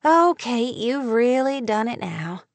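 An excitable young woman friend who loves gossip, as a woman narrator puts her on. Her pitch lifts high and bounces. Close, dry audiobook sound. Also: slow pace, no room sound, heavily acted. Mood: dismayed.

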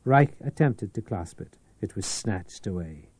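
Slow, dark-voiced male audiobook narrator. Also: on the low side, expressive, slightly rough, no echo. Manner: dramatic, measured storytelling. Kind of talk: scripted narration.

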